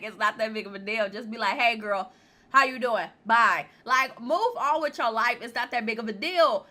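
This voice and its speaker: A woman vlogging a casual, blunt, laughing recap of a reality show, speaking with features. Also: high voice. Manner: chatty, animated, laughing often, blunt opinions. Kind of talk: casual chat.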